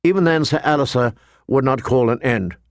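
An audiobook narrator reads a fantasy novel in a measured, steady storytelling voice. He has a medium-pitched voice, captured in a dry, studio-quality recording.

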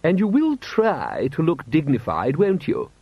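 A man voicing a proud aristocratic wife who fusses and gently scolds her husband. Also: a little high, wildly swooping pitch, unhurried, husky, no echo, voice pushed up, exaggerated voice. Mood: coaxing. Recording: dull, slightly lo-fi.

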